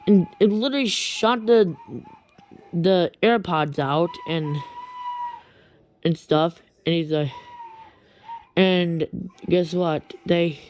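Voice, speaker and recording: A woman retelling a creepy story in a rambling, halting way with many restarts. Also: fairly low pitch, a little mellow.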